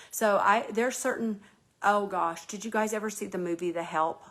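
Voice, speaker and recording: A woman's voice: medium pitch, moderate pace, fairly bright tone. A woman from North Carolina hosting a casual live chat, talking earnestly and rambling with many restarts and fillers. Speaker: host.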